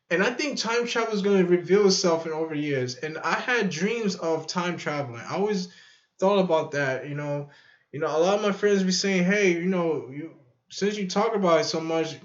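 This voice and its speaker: Rambling high-voiced man in an echoey room. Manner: rambling, musing, repeats himself. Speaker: vlogger. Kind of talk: casual chat to camera. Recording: echoey room, dull lo-fi sound.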